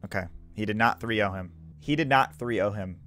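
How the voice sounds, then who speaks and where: A man's voice: lowish voice, fairly quick, fairly bright tone. A man, just woken up, explaining himself in a casual video commentary, defensive and stumbling, repeating and restarting his sentences. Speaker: gaming YouTuber.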